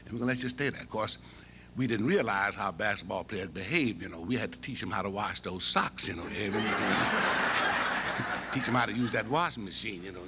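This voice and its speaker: Lively, gravelly older man telling stories. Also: fairly low pitch, very noisy. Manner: animated, folksy, chuckling storyteller. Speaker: convocation speaker. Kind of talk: humorous storytelling speech.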